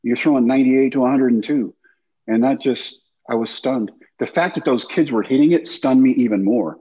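A husky, mellow-toned man in his fifties spins animated stories as a guest, acting out what others said to him. His voice has a soft, relaxed warmth with a grainy edge. It comes through slightly dull video-call audio. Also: mid-range voice, moderate pace. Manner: animated anecdotes with acted-out quotes. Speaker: guest, former baseball pitcher. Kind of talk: storytelling in casual chat.

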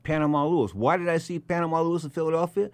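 A man's voice: a little high, racing, no room sound. A man hosting a boxing talk show, telling a story with emphatic repetition and bursts of anger. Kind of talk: animated radio talk show monologue.

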